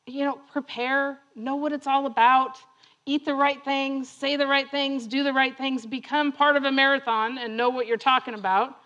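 A woman's voice: high voice, moderate pace, muffled recording. A woman telling a personal story that turns into a lesson, laughing often and acting out other people's lines. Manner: laughing often, animated retelling; acts out other voices in her story. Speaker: speaker sharing a testimony.

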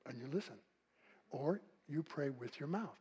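An older man preaching a sermon with a husky voice, telling folksy stories and swinging from loud calls to hushed, quiet passages. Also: on the high side, expressive, moderate pace, highs cut off. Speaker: pastor.

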